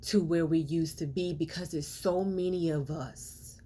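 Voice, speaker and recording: With a husky, dark, low voice, this social commentator speaks in a steady, unhurried way. Her impassioned to-camera monologue is earnest and preachy, heavy on rhetorical questions and stretched-out words for emphasis.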